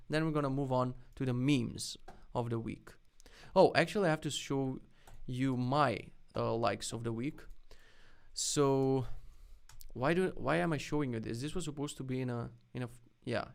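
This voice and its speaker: Excitable swearing streamer man, gravelly. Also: medium pitch. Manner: excitable, swears often, loud outbursts. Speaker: streamer host. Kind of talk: live-stream commentary on web dev links.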